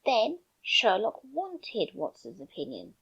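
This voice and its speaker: Lively earnest woman with lo-fi sound. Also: mid-range voice, slow pace, creaky, slightly rough. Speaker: YouTuber. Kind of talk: scripted commentary monologue.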